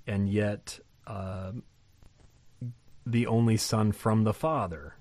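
A man hosting a podcast Bible lesson, animated in talk and reading scripture slowly and weightily. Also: fairly low pitch, no room sound.

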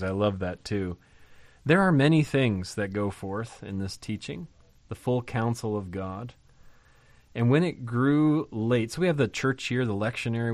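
A low-pitched man leads a Bible study on a podcast, talking casually with musing asides and punching key words. The sound is dry and close, with no room around it. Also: no echo. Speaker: pastor.

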